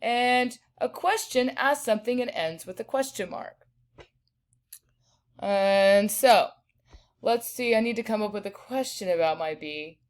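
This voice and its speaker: A woman's voice: medium pitch, a little slow, clear, resonant tone. A woman teacher giving a patient grammar lesson, checking in with her students often. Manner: patient, checks in with "right?" and "okay".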